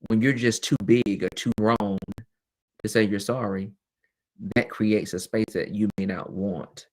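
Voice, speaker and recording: Casting note: man, middle-aged, low-pitched, candid webcast host with chatty asides. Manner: candid, lively, laughs often, chatty asides. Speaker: host and former teacher. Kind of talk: casual webcast talk.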